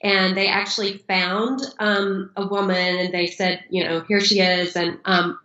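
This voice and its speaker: A woman's voice: medium pitch, flat delivery, unhurried, sharp tone. A middle-aged woman from Alabama with a Southern American accent, a guest author telling a story politely, with many ums. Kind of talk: casual interview chat. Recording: echoey, dull lo-fi audio.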